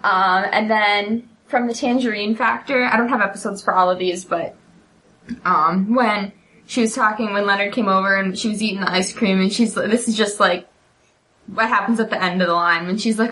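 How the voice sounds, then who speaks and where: A young woman co-hosting a podcast in casual chat, quickly retelling favorite sitcom scenes with lots of "um" and "like". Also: mid-range voice, fairly even intonation, sharp tone, poor audio. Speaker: podcast co-host.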